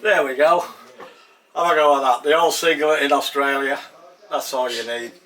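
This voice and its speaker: A man's voice: on the high side, steady tone, normal speed, fairly bright tone. A man from England with an English accent, chatting casually to camera in a home kitchen, rambling and repeating himself as he talks. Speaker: home cooking vlogger.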